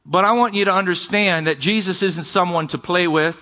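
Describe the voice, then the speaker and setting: A man's voice: high-pitched, brisk, pushed and bright. A man preaching a sermon as pastor, talking conversationally and calling out to his congregation. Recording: long reverb of a large hall.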